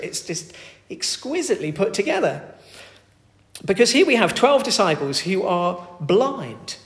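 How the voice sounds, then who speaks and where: Guy preaching, fairly high voice, big echoey church hall with long reverb. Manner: earnest, swings between loud emphatic calls and soft quiet pleading. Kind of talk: sermon.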